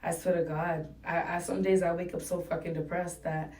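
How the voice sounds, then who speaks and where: A woman's voice: on the low side, level tone, normal speed, a little mellow. Blunt woman with a New England accent. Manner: blunt, profane, unfiltered. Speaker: rapper guest. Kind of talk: casual interview. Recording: roomy and distant mic.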